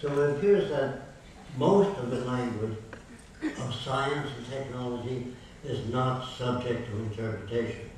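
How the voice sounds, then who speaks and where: An older man lecturing a university audience in emphatic, declarative statements, often ticking through lists. His voice sits at an ordinary middle pitch for a man. It is picked up from far back in a very echoey hall with faint noise underneath. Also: measured pace, a little mellow. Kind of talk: public lecture.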